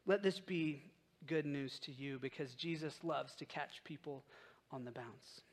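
A man's voice: mid-range voice, measured pace. A man preaching a sermon in a casual storytelling way, acting out the quotes in his stories. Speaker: pastor.

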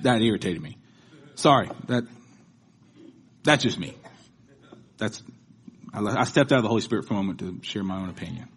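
A man preaching a sermon, moving from conversational talk to rhythmic proclamation. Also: lowish voice. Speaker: pastor.

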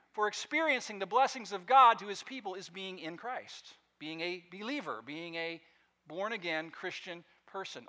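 A man with a high, bright voice preaching to his congregation. He leans hard into key phrases and then drops to quiet, intimate asides. The delivery is emphatic and full of pastoral conviction. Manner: emphatic preaching with wide swings in loudness. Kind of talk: sermon.

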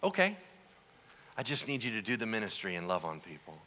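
A man voicing a calm, gentle male teacher who asks his questions quietly and patiently. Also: on the low side, a little fast, in a large hall, a little hiss or hum, voice pushed down.

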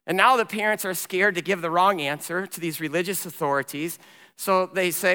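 A man's voice: high-pitched, moderate pace, clear, resonant tone. Pastor man preaching in a reverberant hall. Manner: animated storytelling, voicing characters in dramatic retelling. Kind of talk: sermon. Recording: long reverb in a large hall.

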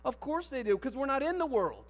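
A man preaching a sermon in a church, animated, firing rhetorical questions and building to emphatic declarations. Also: extremely high pitch, a little fast. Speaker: pastor. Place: church sanctuary. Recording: long hall reverb with mains hum.

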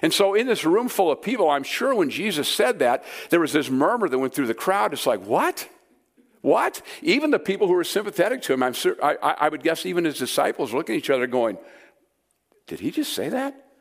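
A man's voice: a little high, fast, hardly any pauses. A man delivers a sermon to a gathered audience. He talks in a casual, conversational way and stresses his main points with rising energy. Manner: conversational, emphatic, animated. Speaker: preacher. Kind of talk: sermon teaching. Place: room with a live audience.

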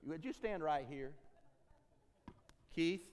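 A man's voice: on the high side, animated, takes it slowly, a little mellow, slight background noise. A man from Tennessee speaking in a church as an interim ministry consultant, folksy and joking, repeating phrases for emphasis. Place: church sanctuary.

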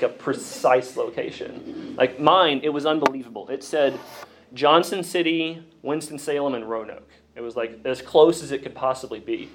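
A man from Virginia with a Southern accent, giving a lively classroom lecture and asking his audience questions. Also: mid-range voice, slight background noise. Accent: Southern US, Appalachian Virginia. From Grayson County, Virginia, USA. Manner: energetic, asks the audience questions often. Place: lecture room. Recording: echoey room, mic from a distance.

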